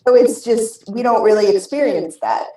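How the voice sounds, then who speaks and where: A woman's voice: fairly high pitch, normal speed, dark tone. An American woman chatting casually as a guest on a podcast, rambling with lots of restarts and fillers. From United States. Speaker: guest vape show host. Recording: roomy, distant mic.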